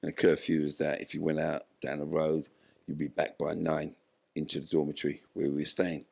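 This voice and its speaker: Casting: older man, very low gravelly voice, animated storyteller who plays out the dialogue himself. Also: brisk. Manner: animated retelling, acts out quoted dialogue. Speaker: interview guest, former footballer. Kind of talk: storytelling in a podcast interview.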